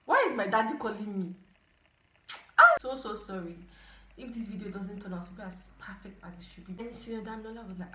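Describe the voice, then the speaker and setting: A young woman in her twenties with a Nigerian accent, telling a storytime vlog in an animated way with dramatic outbursts. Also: mid-range voice, a little fast, background noise. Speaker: storytime vlogger. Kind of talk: casual storytelling to camera. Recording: echoey room.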